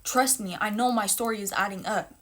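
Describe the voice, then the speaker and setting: A woman's voice: mid-range voice, brisk, a bit bright. A young woman telling a personal story in a casual storytime monologue, blunt and emphatic, with heavy swearing and repeated phrases.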